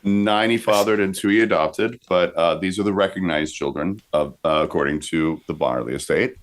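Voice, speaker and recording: Low-voiced podcast guy, lots of uhs, kinda halting while he reads out facts. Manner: hesitant, many uh fillers. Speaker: podcast co-host. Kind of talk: casual comedy banter.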